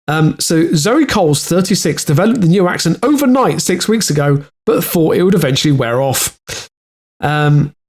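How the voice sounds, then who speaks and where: Welsh guy reading news on a podcast, lots of ums and restarts, kinda high pitched. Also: lively intonation, normal speed, a little mellow. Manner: hesitant, many fillers and restarts. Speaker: podcast co-host. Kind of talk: casual chat, reading news stories.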